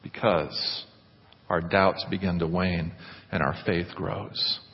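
Husky-voiced preacher in an echoey hall. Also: male voice, low voice, slow. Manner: animated, asks the congregation questions, acts out quotes. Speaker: pastor. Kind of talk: sermon. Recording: dull, echoey church hall recording.

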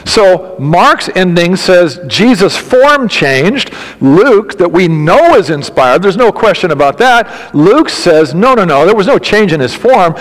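A man's voice: on the high side, big-room sound, low-quality recording. A man preaching a sermon as pastor, emphatic and direct, questioning his congregation and joking along the way.

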